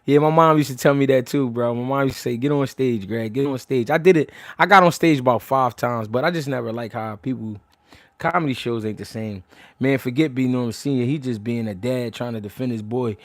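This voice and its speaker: A man's voice: medium pitch, dry recording. Man, boxing livestream host, brash, slangy, profane, dry close sound. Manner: brash, rapid-fire, heavy slang and cursing. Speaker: boxing talk show host.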